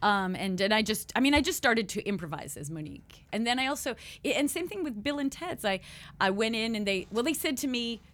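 Woman in her fifties, podcast guest, fairly high voice, lively anecdotes, slips into accents. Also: fairly quick. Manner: animated storytelling with laughter and put-on accents. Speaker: guest actress. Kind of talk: casual podcast interview. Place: studio.

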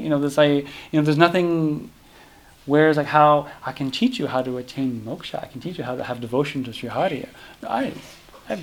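A man with a slightly high voice explains a scripture story in a loose, casual class talk. He rambles, breaks off mid-sentence and fills gaps with small filler words. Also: a little fast. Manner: rambling, self-interrupting, many fillers. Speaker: scripture teacher.

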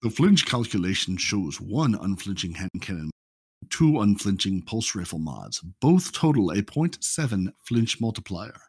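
A man's voice: on the low side, sing-song, measured pace, darkish tone, slightly rough, no echo, studio quality. A man with a General American accent, explaining game numbers in a matter-of-fact way on a casual podcast. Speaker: podcast co-host reading game patch notes.

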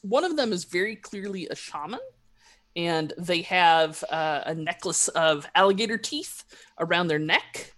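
A woman's voice: on the low side, expressive, unhurried, fairly bright tone. A woman running a tabletop role-playing game as game master, narrating scenes and voicing characters in a chatty way. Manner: chatty, laughs often, voices characters.

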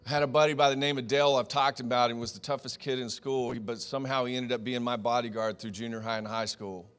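Animated preacher telling stories. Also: male voice, mid-range voice, quick pace, smooth, soft background music. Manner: storytelling, animated and conversational, addressing the congregation as "guys". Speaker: pastor. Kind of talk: sermon.

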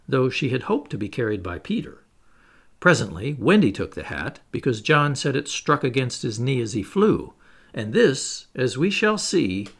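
A man narrating a children's storybook with an expressive, animated delivery. His pitch rises and falls freely, and a gravelly texture runs through his middle-range voice. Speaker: audiobook narrator.

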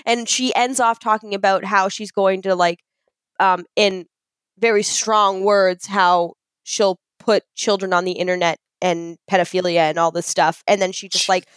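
Excitable young woman podcast host. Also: medium pitch, normal speed, smooth, dry recording. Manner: excitable, gushing storyteller, fond of self-described geeking out. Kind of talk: casual podcast chat.

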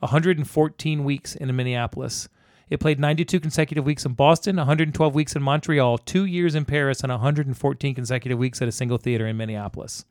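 A man co-hosting a casual film discussion, animated and laughing often as he acts out scenes. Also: medium pitch, fast talker, no echo, clean studio sound. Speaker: podcast co-host.

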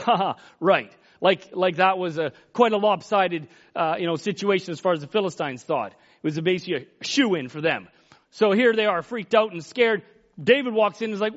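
A man's voice: high voice, normal speed. A man preaching a sermon in a folksy, emphatic way, acting out Bible quotes as he goes. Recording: dull lo-fi recording.

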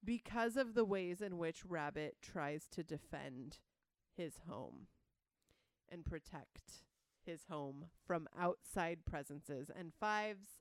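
A woman's voice: fairly low pitch, expressive, slow pace, no echo. A woman co-hosting a podcast in casual chat, explaining her thinking in a thoughtful, analytical way. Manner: thoughtful, analytical, reads quotes aloud. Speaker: podcast co-host.

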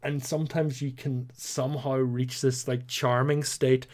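A man's voice: mid-range voice, unhurried. Chatty Northern Irish man. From Northern Ireland. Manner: chatty, animated storytelling with playful put-on voices. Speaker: podcast co-host. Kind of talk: casual chat.

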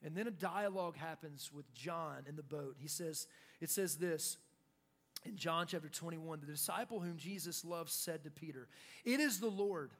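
A young adult male pastor preaching a sermon in an animated way, acting out quotes. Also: a little high, normal speed. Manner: animated, acts out shouted quotes.

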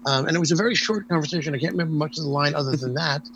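Older man telling a lively story. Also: fairly high pitch, racing, slight background noise, low-quality recording. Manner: lively storyteller with frequent restarts and ums. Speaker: interview guest, former stage performer. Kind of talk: storytelling anecdote in conversation.

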